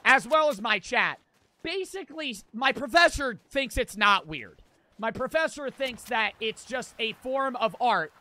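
A man's voice: very high voice, pushed and bright. A man in his twenties streaming a game, telling a rambling story between profane trash talk. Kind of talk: casual storytelling while gaming.

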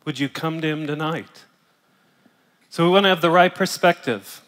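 A middle-aged male pastor preaching a sermon while in pain, speaking emphatically and pausing to cough and clear his throat. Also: fairly high pitch. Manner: emphatic, rising to loud bursts, coughing and clearing throat between phrases. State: in pain, voice strained. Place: large church auditorium. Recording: large hall reverb.

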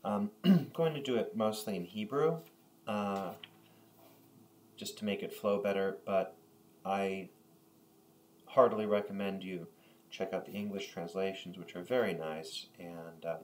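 A man with a very low voice leads a prayer service as a lay reader. He moves between reading and chanting the liturgy and giving relaxed, halting instructions, with frequent fillers and throat-clearing. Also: slight background noise. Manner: unhurried, halting asides with fillers.

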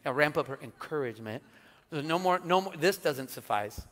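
A middle-aged man preaching from the pulpit, bouncing between jokes and earnest points. His voice sits on the higher side for a man. The sound carries a long echo from a large church sanctuary. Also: moderate pace. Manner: animated storytelling with jokes and laughter. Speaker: pastor. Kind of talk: sermon. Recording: church hall with long reverb.

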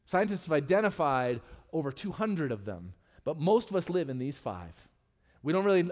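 Candid, joking male pastor preaching. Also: moderate pace. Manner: candid and humorous, with lively swings in pitch and loudness. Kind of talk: sermon. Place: church sanctuary.

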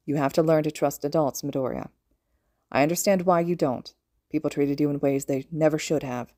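A woman reading the part of a weary, gruff adult male teacher in a fan audiobook, speaking low, quiet and measured. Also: no room sound, studio quality, natural voice. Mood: gentle, serious.

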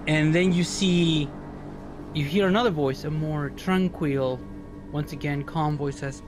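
Rambling, filler-heavy game master. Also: male voice, a little high, unhurried, over music. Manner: rambling, searching for words with many fillers. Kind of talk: narrating a tabletop game.

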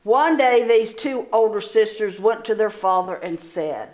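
A woman teacher reading a storybook aloud to children with expressive storytelling. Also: mid-range voice. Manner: slow, expressive storytelling with pauses.

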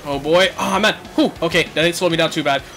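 A man commentating his own racing game play, excitable, shouting and laughing at the game. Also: on the high side, a little fast, soft background music. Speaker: gaming channel host.

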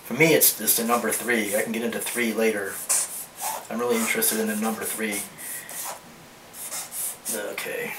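Art teacher thinking aloud in a roomy echo. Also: male voice, lowish voice, flat delivery, moderate pace, pauses often. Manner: thinking aloud, rambling with restarts. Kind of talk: drawing demonstration. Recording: roomy echo, mic at a distance, faint hiss.

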